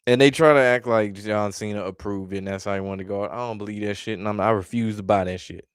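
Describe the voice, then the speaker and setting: A man's voice: lowish voice, fairly even intonation, fast talker, smooth, dry recording, clean studio sound. A man ranting bluntly in a casual vlog, exasperated and swearing freely as he reacts to his chat. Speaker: wrestling commentary vlogger.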